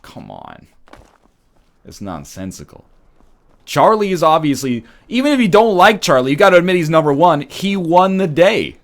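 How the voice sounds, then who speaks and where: With a slightly high voice and big pitch swings at normal speed, this Canadian streamer in his thirties chats casually while gaming. He rambles, jokes and voices opinions, riffing off the chat.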